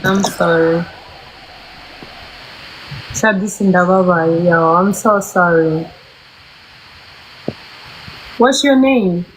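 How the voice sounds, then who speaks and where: A woman's voice: on the low side, slow, slight background noise, rough recording. A Rwandan woman with a Rwandan accent, hosting a live stream and urgently coaxing viewers in English and Kinyarwanda.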